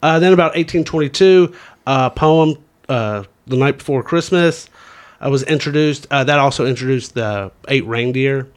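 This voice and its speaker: American guy rambling through a casual podcast chat, lots of uh and like, middle-pitched voice. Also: moderate pace, clear, resonant tone. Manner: relaxed, rambling with many fillers. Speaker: podcast co-host.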